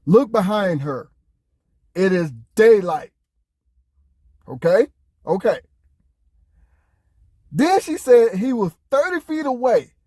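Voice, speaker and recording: A man's voice: high-pitched, big pitch swings, slow pace, long pauses, a little mellow, no room sound. A man giving casual reaction commentary, emphatic and incredulous, with lots of rhetorical questions. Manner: casual, conversational.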